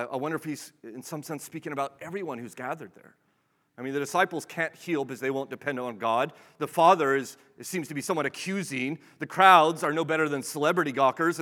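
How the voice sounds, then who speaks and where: A man's voice: on the high side, bright, forceful tone. Man preaching, echoing through a hall. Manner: conversational, asks the listeners rhetorical questions; often repeats words as he restarts. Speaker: pastor. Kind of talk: sermon. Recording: long reverb of a large hall.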